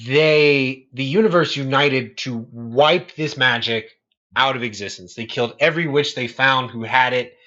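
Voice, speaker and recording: A man co-hosting a podcast in casual chat, an animated storyteller who acts out scenes and swears freely. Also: medium pitch, normal speed, muffled recording. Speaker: podcast co-host.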